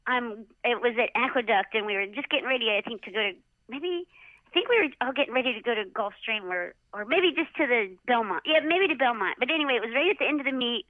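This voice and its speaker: Brief: middle-aged woman, high bright pitch, chatty animated storyteller, dry dull lo-fi audio. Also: quick pace, no echo. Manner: animated, acts out others' lines with many "like" fillers. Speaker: interview guest, former jockey. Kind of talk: casual storytelling interview.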